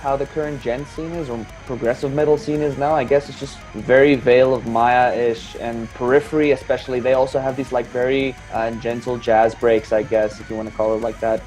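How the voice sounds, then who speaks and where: A man's voice: mid-range voice, fairly even intonation, brisk, hardly any pauses, darkish tone, faint music behind. A man from South Africa talking in a put-on American accent as a band guest on a video call, rambling with many fillers. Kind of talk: casual interview chat.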